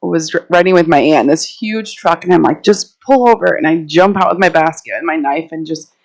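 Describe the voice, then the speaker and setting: In a gravelly, lowish voice and at a brisk clip, a woman herbalist gives a casual, chatty talk to a live audience in an indoor meeting room. She tells stories and laughs often while walking around the room. The recording is rough.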